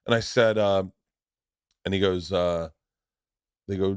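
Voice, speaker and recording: A man's voice: deep voice, a little slow, long pauses, clear, resonant tone, no echo. A man in his forties from Florida, hosting a podcast in casual chat and telling stories with acted-out voices and lots of swearing, on a studio mic. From Tampa, Florida. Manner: animated storyteller, acts out voices and swears freely. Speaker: podcast host.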